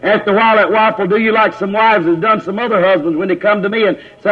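Man, fiery holiness preacher, high voice, old muffled sermon tape. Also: fast talker, few pauses. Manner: fiery and scolding, mocking in quoted voices. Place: church.

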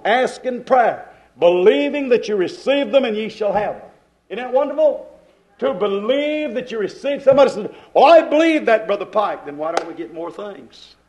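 A man's voice: high-pitched, darkish tone, low-quality recording. A man preaching a sermon, repeating phrases with rising and falling emphasis.

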